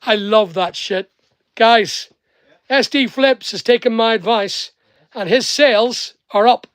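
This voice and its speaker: Slow, extremely high-pitched and a bit bright, his smooth voice carries no room sound. This channel host and online seller, whose accent mixes Northern Irish and English, packs orders during a casual stream while joking with the staff nearby.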